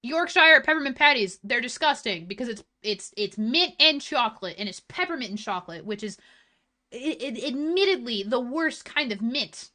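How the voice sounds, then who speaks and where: A woman streamer in casual chat, ranting with heat and swearing, swinging between loud outbursts and low mutters. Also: lively intonation, moderate pace. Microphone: desk mic.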